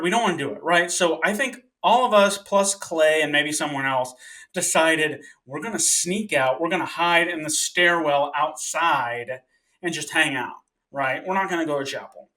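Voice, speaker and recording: A man's voice: a little high, moderate pace. A young man co-hosting a podcast, telling jokey stories about his school days and poking fun at himself. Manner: animated storyteller, jokey, self-mocking. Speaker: podcast co-host. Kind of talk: casual chat, storytelling.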